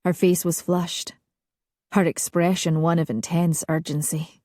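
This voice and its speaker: A woman narrating a historical romance audiobook in a slow, hushed, sensual reading. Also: on the low side, flat delivery, no room sound, studio quality.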